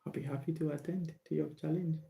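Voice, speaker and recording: A man hosting a live stream question-and-answer session, speaking slowly and emphatically and repeating key words. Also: fairly high pitch, fairly even intonation, creaky, dark tone. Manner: slow, emphatic and repetitive, stressing words. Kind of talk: live Q&A monologue.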